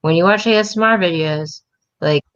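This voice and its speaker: A woman's voice: on the low side, moderate pace, fairly bright tone, dull audio. A woman hosting a casual livestream chat, blunt and swearing, laughing often. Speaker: livestream host.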